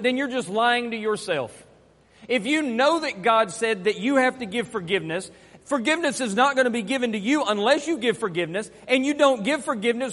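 A man's voice: extremely high pitch, fairly bright tone. A man preaching a sermon, emphatic and fond of repeating his key phrases. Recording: long hall reverb.

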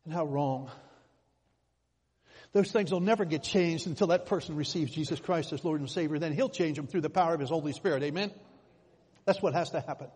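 A man's voice: fairly high pitch, brisk, long pauses, darkish tone, slightly rough. Preaching man in a reverberant hall. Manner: storytelling preacher, emphatic swells. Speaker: pastor. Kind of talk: sermon.

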